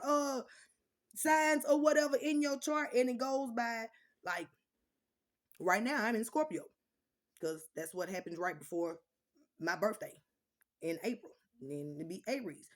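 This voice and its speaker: A woman's voice: a little high, measured pace, long pauses. Blunt, cussing woman ranting to viewers. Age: adult with children. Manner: blunt, profane, animated storytelling. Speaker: vlogger. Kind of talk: casual chat to viewers.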